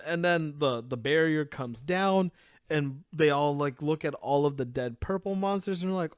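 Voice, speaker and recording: A man's voice: on the high side, animated, moderate pace, no echo, clean studio sound. A young man co-hosting a casual anime review podcast, recapping scenes and acting out the characters' lines. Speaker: podcast co-host.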